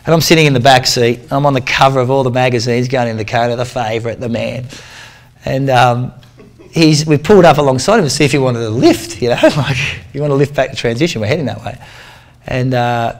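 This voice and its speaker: A man in his forties speaks to a club crowd, telling a story in a loose, slangy way. He jumps into the voices of the people in it and keeps it lively, with a voice of middle pitch. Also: a little fast. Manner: animated, slangy storyteller who acts out the people in his stories. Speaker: guest speaker, triathlete. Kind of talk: storytelling talk to a club audience.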